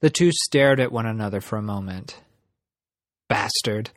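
A man narrating a story in an even, measured reading. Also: on the low side, no room sound, clean studio sound. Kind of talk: audiobook narration.

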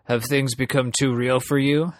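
A man's voice: mid-range voice, level tone, normal speed, no echo, close to an everyday voice. A man reading a story aloud, voicing a smug, fanatical male revolutionary who talks in a mocking, condescending way.

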